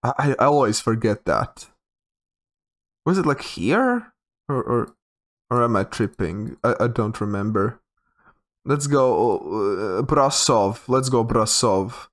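A man's voice: medium pitch, animated, takes it slowly. A young man giving casual commentary while he plays a geography guessing game, thinking aloud with hesitant, repeated words. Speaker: game streamer.

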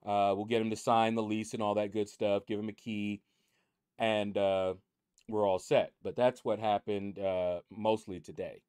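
A man's voice: fairly low pitch, little pitch movement, a little slow, darkish tone, clean tone, no room sound, clean studio sound. A man hosting his mobile game channel, chatting in a rambling, easygoing way from a room at home. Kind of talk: casual chat over game leaderboards.

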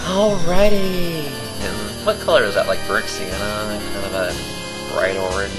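A man's voice: deep voice, flat delivery, moderate pace, low-quality recording. A young man co-hosting a video game let's play, rambling and joking in casual commentary. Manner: rambling, jokey, giggly. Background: game music.

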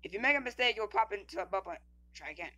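This woman talks through a mobile game in casual commentary, and her bright, edged tone cuts through. She stumbles, restarts and repeats words as she reads on-screen text aloud. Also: mid-range voice, lively intonation, very fast.

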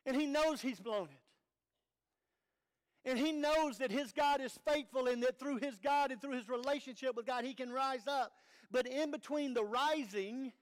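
A man's voice: very high voice, measured pace, long pauses. A man preaching an earnest, conversational sermon as pastor, with rhetorical questions to the congregation.

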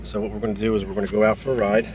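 A man's voice: on the low side, flat delivery, racing. A middle-aged man showing off a car for sale in a casual, rambling way, talking around a cigar, outdoors and then inside the car. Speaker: car seller. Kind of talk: casual walkaround video. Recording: outdoor street and engine noise.

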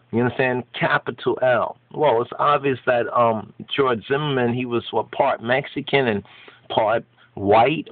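A man delivers fervent spoken commentary in an everyday middle-pitched voice. He is emphatic and sermon-like, repeating and restarting phrases as he drives his points home. The sound is narrow and tinny, like a phone line, with no room around it. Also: dry recording. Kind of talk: impassioned spoken commentary on an article.

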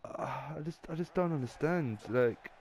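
A man's voice: a little high, animated, moderate pace, a little mellow, slight background noise. A young man ranting and swearing while playing a football video game. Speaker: gamer. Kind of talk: angry gameplay commentary.

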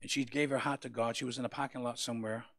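A male pastor preaching a sermon, with passionate rises to loud peaks. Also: mid-range voice, steady tone, racing, vocal fry, no echo, clean studio sound.

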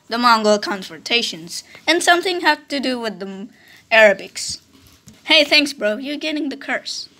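A woman with an Indonesian accent narrating a playful history cartoon, now and then bursting into shouted character bits. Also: a little high.

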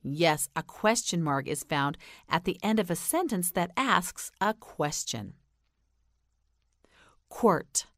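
A woman with an American accent teaching English pronunciation, slowly enunciating and repeating words for learners to say back. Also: on the low side, expressive, no echo, studio quality. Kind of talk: slow drilled vocabulary lesson.

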